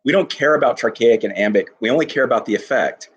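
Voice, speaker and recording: In dull-sounding audio, a husky mid-range male voice belongs to a teacher eagerly teaching poetry to his class. He takes the lines slowly and leans on each syllable.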